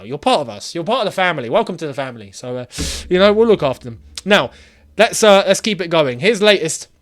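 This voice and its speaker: A man hosting his own football channel, chatting casually and animatedly and laughing often. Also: sits high. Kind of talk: casual football chat vlog.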